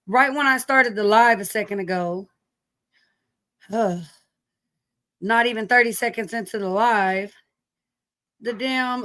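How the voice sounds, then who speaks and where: A woman's voice: fairly high pitch, fairly bright tone, no echo. A middle-aged woman hosting a casual live stream from home, greeting viewers by name, sniffly from allergies and cursing lightly as she chats.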